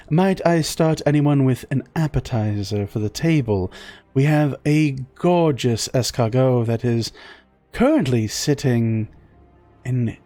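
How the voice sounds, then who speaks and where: A man voicing a polished, formal waiter in a tabletop game, with courteous, drawn-out sales patter. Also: mid-range voice, dark tone, no room sound, lightly acted. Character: polished, formal male fine-dining waiter.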